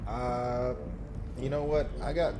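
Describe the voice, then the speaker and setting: A man playing in a tabletop game and chatting in a relaxed, offhand way. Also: mid-range voice, slow pace, a crowd in the background, rough recording. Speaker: player. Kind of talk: casual chat.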